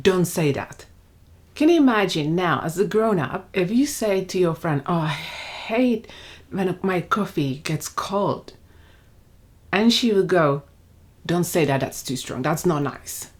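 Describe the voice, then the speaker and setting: A woman in her thirties with a slightly low voice talks to camera in a loose, chatty way. She acts out the lines she quotes and drops into odd grammar now and then. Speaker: parenting vlogger, stepmom and mom. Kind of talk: casual talk to camera.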